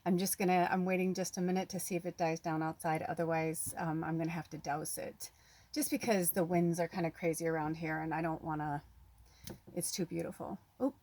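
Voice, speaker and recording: A woman on the US West Coast making a casual vlog as a spiritual medium, chatting excitedly while unboxing a gift. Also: fairly low pitch, a little fast. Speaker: spiritual medium and tarot reader. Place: at home, off-grid.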